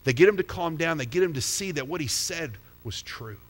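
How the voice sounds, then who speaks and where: Pastor, male, easy talking preacher who quizzes his flock; voice sits a bit high, big reverberant church sound. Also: lively intonation, fairly quick. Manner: conversational preaching, asks the crowd questions. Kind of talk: sermon. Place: church sanctuary. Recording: long hall reverb.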